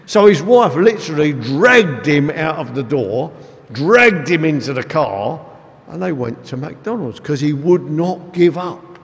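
Man, sermon, emphatic storyteller, slightly high voice, long hall reverb. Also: animated, unhurried. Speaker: preacher.

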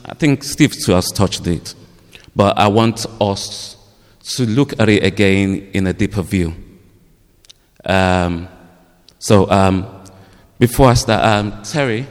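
A man preaching a sermon, halting with fillers at first, then rising to emphatic points. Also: sits low, clean tone. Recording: long hall reverb.

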